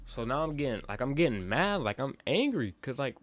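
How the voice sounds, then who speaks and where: A man's voice: mid-range voice, very animated, a little fast, hardly any pauses. A young man telling a casual storytime monologue on his channel, slangy and profane, talking in loose run-on bursts and checking in with the listener. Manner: talks in loose run-on bursts with many restarts. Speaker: vlogger.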